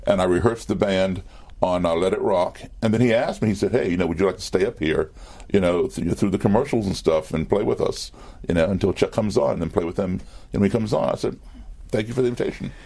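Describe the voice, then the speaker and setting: Man, interview guest, low voice, chatty storytelling, fillers and restarts, TV studio. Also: quick pace, gravelly. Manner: animated anecdotes with fillers and restarts. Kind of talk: storytelling in conversation.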